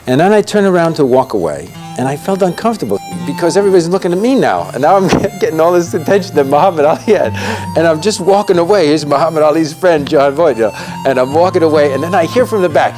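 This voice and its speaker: Animated older man telling a story. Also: a little high, quick pace, over music. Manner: lively storyteller acting out the voices in his story. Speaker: actor. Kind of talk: anecdote in an interview.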